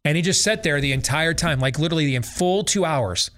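A man's voice: a little high, fairly quick, a bit bright. A middle-aged man hosting a talk show, giving a sarcastic, exasperated and emphatic rant about a film. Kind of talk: opinionated movie-review rant.

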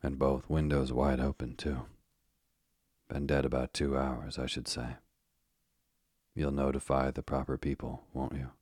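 A brisk, clipped doctor, read by a man. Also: rumbling low, flat delivery, darkish tone, husky, no room sound, studio quality, exaggerated voice. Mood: matter-of-fact. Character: brisk, matter-of-fact male doctor.

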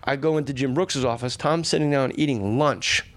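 A man's voice: mid-range voice, moderate pace, dry recording. A middle-aged man telling stories in casual conversation, acting out the people in them. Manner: animated anecdotes, acting out quoted voices. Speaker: podcast guest. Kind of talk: casual storytelling.

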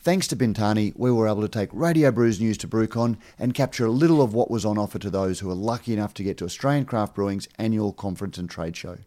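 Relaxed male podcast host, low voice. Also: fast talker, hardly any pauses. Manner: relaxed, with filler words. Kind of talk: interview. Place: conference venue.

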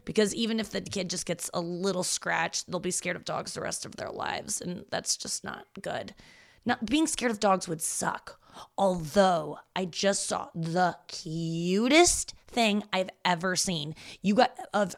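Rambling, lower-voiced woman comic. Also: unhurried. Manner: rambling, self-deprecating, swears freely. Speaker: comedian and show host. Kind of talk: casual solo monologue.

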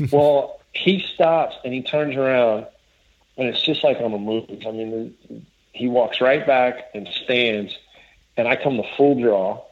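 A man's voice: medium pitch, a little slow. A man casually telling a long story as a guest, rambling and restarting as he quotes others. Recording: dull lo-fi audio.

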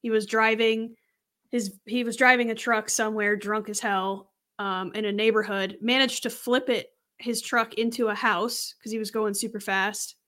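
A woman's voice: fairly high pitch, steady tone, moderate pace, fairly bright tone. A woman co-hosting a podcast, telling police stories in a giggly, self-deprecating way. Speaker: podcast co-host, police officer. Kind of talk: casual story chat.

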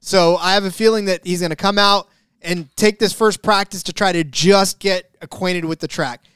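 Man, podcast co-host, casual betting chat, rambling, jokey, smooth resonant voice, dry close sound. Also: sits high, steady tone, moderate pace, fairly bright tone, no room sound. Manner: rambling, self-correcting, jokey.

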